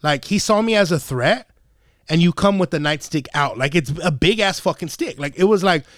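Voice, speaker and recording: Young male podcast host, swearing storyteller, slightly high voice, dry close sound. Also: moderate pace, dry recording. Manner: profane, animated, acts out quotes. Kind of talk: casual storytelling chat.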